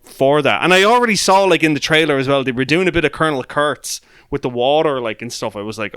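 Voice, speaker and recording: A man hosting a relaxed podcast chat, his voice smooth and resonant. He swears freely, laughs easily and stumbles over quick restarts. The sound is close and dry, with no room around it. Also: on the high side, no room sound. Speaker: podcast host. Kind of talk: casual chat.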